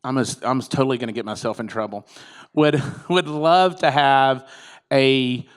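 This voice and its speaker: A man's voice: mid-range voice, moderate pace, smooth. A man, a political candidate giving a chatty, joking conference speech. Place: conference room with audience.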